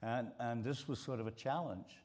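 A man's voice: medium pitch, moderate pace, a little mellow. An older man with a mid-Atlantic American accent, telling stories on stage with many repeated words. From Baltimore, USA. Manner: storytelling, with frequent repeated words. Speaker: guest, sports writer. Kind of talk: stage conversation. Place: stage before a live audience.

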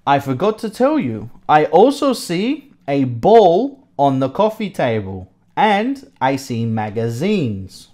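An English teacher giving young pupils a vocabulary lesson over a house tour, repeating each word slowly, asking checking questions and praising answers. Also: medium pitch, big pitch swings, dark tone.

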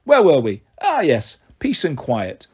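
A man's voice: a little high, wildly swooping pitch, unhurried, darkish tone, husky, full character voice. A man doing a sly, easygoing god. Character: relaxed, sly male messenger god in his forties.

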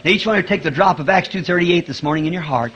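A man preaching a fervent sermon, chuckling often and rising to shouts at high points. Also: racing, dull audio, a little hiss or hum.

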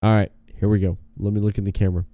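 A man's voice: fairly low pitch, flat delivery, racing, mellow, no echo. Laid-back man hosting a chat show. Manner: laughs often, swears casually. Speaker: talk show host. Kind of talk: casual chat.

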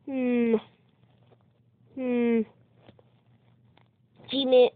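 A woman with a high voice narrates her gameplay in casual let's-play commentary, taking her time between bursts of excited exclamations. The sound is thin and phone-like, with a dry, close feel. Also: very slow, dry recording. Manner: excitable, exclaims and yelps at in-game surprises. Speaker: gamer recording gameplay commentary. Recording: tinny phone-like dry recording.

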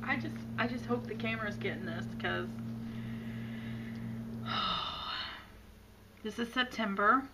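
A woman's voice: a little high, fairly quick, hardly any pauses. A tearful woman opening a gift box on camera, gushing in awe and often dropping to a near whisper. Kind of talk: casual unboxing chat. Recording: noisy room background.

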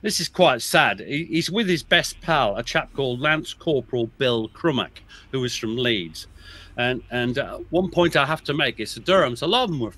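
A man's voice: medium pitch, animated, normal speed, sharp tone. A man talking as a guest oral historian in a podcast, telling soldiers' stories with relish, chuckling often and restarting his sentences. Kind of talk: animated storytelling in a podcast chat.

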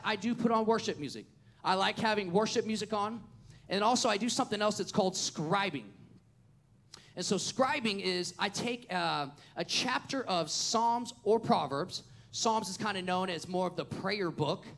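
A man, preaching a sermon as a pastor and acting out a family story with lively storytelling. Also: high voice, creaky. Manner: animated storytelling, acts out the scenes.

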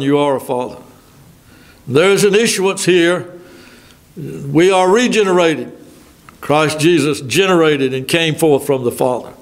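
An older man with a Southern American accent preaching a sermon in a folksy way, stopping for asides and reading scripture slowly. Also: on the high side. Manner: folksy, thinking aloud with asides. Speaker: pastor.

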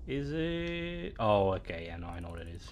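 A young adult gamer rambles through casual stream chatter, heavy on fillers and playful asides. His voice is lowish and very animated at a moderate pace. A bit of background noise is audible.

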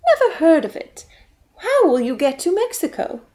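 A woman's voice: very high voice, big pitch swings, normal speed, warm tone, pitched above the performer's own voice. A woman voicing a puzzled little ant in a storybook reading, asking questions incredulously.

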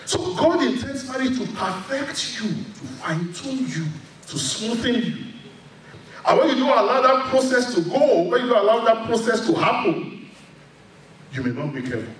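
A man's voice: sits high, animated, moderate pace, slight background noise. A middle-aged male pastor preaching a sermon, emphatic and candid, openly confessing his own faults. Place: church sanctuary. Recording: very echoey hall, voice from far off.

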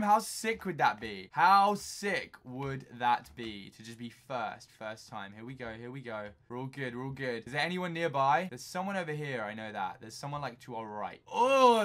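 A young man from England giving jokey, excitable commentary while playing a video game, talking to himself and breaking into sudden shouts. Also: medium pitch. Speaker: gaming YouTuber.

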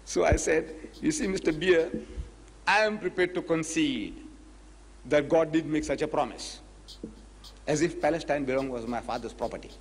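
A man's voice: a little high, moderate pace, long pauses. A man giving a public lecture, retelling a debate and acting out both sides of the conversation. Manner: animated storyteller, acts out both sides of the dialogue. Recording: echoey lecture hall recording.

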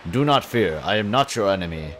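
A man's voice: lowish voice, expressive, a little fast, a bit bright, slight background noise. A man voicing a solemn, wise talking boat, reading the game text in a formal, stately way.

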